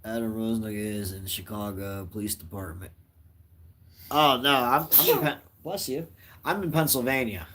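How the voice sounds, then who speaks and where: A man's voice: lowish voice, moderate pace, a bit bright, slight background noise, rough recording. A man talking casually on a livestream at night from indoors by a window, rambling in an easygoing way and chuckling often. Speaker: livestream host talking to chat and his young son.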